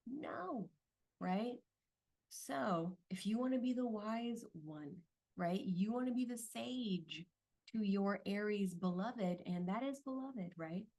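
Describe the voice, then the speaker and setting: A woman's voice: mid-range voice, slow, a little mellow. A woman giving casual astrology advice in a monologue, talking conversationally and often checking in with "right?". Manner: conversational, keeps asking "right?" for agreement. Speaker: astrology content creator.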